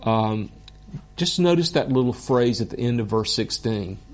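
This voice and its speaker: A man teaching a Bible course in an earnest, deliberate way, openly moved by what he teaches. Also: mid-range voice, lively intonation, darkish tone.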